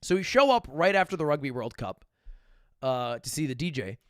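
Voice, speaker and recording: A young man telling stories casually to his live stream audience, animated and swearing, with loud bursts and mumbled asides. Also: fairly high pitch, moderate pace, clear, resonant tone, dry recording, studio quality.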